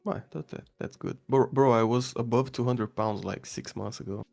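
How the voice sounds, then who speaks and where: Animated man who keeps saying bro. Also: medium pitch, normal speed, vocal fry, soft background music. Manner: animated, repeats words, says bro a lot. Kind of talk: casual chat.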